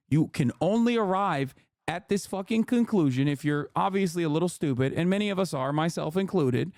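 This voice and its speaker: A man's voice: high-pitched, dry recording, studio quality. A man in his thirties streaming, ranting angrily and sarcastically at his chat about politics, with constant swearing. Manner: profane, heated, sarcastic. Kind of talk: angry political rant.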